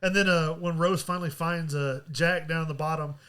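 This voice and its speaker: High, bright-voiced man on a podcast. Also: a little fast, clear, resonant tone. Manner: laughs often, animated retelling. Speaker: podcast co-host. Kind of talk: casual film chat.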